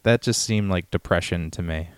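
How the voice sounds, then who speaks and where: A man co-hosting a podcast, talking about a film in a relaxed, rambling way with lots of fillers. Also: low-pitched, moderate pace, smooth, no echo. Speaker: podcast co-host. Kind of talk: casual film discussion.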